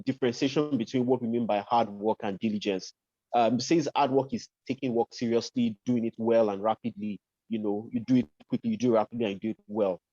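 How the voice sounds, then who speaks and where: A man's voice: medium pitch, mellow, no echo, lo-fi sound. A man hosting an interview, asking long careful questions with many fillers and restarts, over a remote call. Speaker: podcast host.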